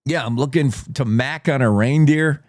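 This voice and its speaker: A man's voice: medium pitch, normal speed, no echo, clean studio sound, close to an everyday voice. A man voicing a dim, easygoing male Canadian wolf, folksy and drawling.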